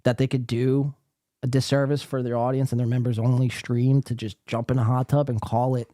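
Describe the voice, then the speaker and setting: A podcast host from the East Coast, this man has a mid-range, level, mellow voice and talks briskly. He offers casual, sarcastic commentary on a livestream, reading chat aloud with lots of swearing, in clean echo-free studio sound.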